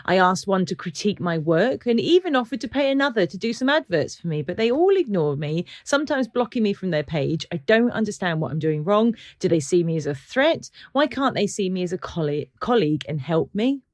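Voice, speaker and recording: A woman's voice: medium pitch, a little fast, hardly any pauses. A woman co-hosting a podcast, chatting casually and acting out the people in her stories. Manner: animated storyteller, acts out quoted people. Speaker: podcast co-host. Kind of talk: casual chat.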